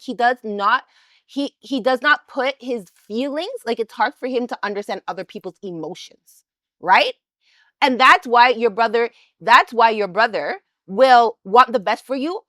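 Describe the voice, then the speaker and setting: A woman co-hosting a couples podcast speaks on the high side with a fairly bright tone, recorded with clean studio sound and no room sound. The conversation is casual, yet she insists on her point. Her explanations are full of restarted sentences.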